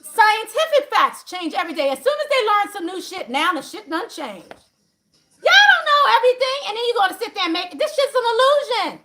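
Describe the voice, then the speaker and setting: A woman's voice: very high voice, sing-song, fairly quick, bright, forceful tone, slight background noise. A woman hosting a livestream talk to viewers, emphatic and profane, laughing often as she preaches. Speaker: spiritual channel host.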